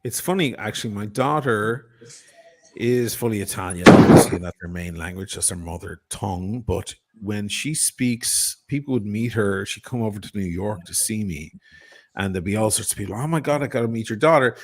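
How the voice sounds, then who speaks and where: A middle-aged man from Dublin with a mild Irish accent softened by years in America, telling stories in casual chat, swearing freely and mimicking accents. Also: lowish voice, moderate pace, background noise. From Ireland.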